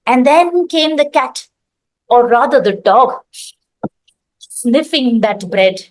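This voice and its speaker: A woman narrating an improvised folk tale in a calm, expressive way. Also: high voice, takes it slowly. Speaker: storyteller. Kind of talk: improvised storytelling.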